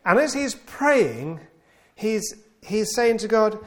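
Animated male preacher, lively pitch. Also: slow pace. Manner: animated, voices the psalmist's pleas in a raised pleading tone; repeats key words for emphasis, occasional stumbles. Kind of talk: sermon.

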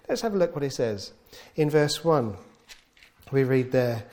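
Animated male preacher, lively pitch. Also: measured pace. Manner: animated, voices the psalmist's pleas in a raised pleading tone; repeats key words for emphasis, occasional stumbles. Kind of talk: sermon.

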